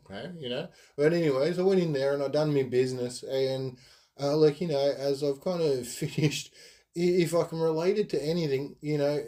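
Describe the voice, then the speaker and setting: A man's voice: mid-range voice, dark tone. A man telling rambling stories in a casual monologue, full of ums and giggles. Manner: rambling, giggly, lots of fillers. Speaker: podcast host.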